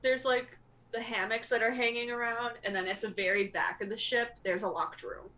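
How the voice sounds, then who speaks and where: A woman narrating as game master of a tabletop game, laid-back and quick to laugh. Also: on the high side, fairly even intonation, bright, forceful tone, dull audio.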